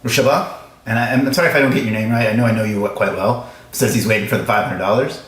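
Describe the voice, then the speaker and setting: A man hosting a live stream, chatting casually with viewers in a fast, joking, self-mocking way, in a room with echo. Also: fairly low pitch. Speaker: livestream host. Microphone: livestream camera setup. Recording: echoey room sound.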